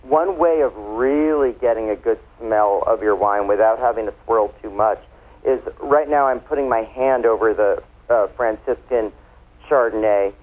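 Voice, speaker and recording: A man's voice: fairly low pitch, moderate pace. A man, a wine expert guest, explaining things in a chatty, playful way during a casual radio interview. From United States. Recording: tinny phone line.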